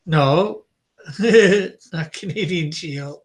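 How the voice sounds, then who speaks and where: A man's voice: fairly high pitch, drawn-out words. A man co-hosting a live drawing stream, reading viewer comments aloud and joking, with frequent laughs. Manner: laughs often. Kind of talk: casual chat.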